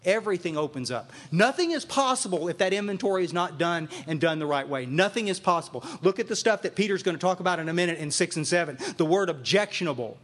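Emphatic higher-voiced man. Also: animated, quick pace, hardly any pauses, fairly bright tone. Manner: emphatic, repeats phrases for emphasis. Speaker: recovery group speaker and sponsor. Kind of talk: speaking to a live meeting audience. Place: meeting room with a live audience.

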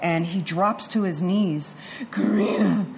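A woman's voice: fairly low pitch, moderate pace, noisy background. Woman telling a candid recovery story. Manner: candid, animated storytelling with acted-out quotes. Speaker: speaker sharing a recovery story. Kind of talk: personal testimony to an audience.

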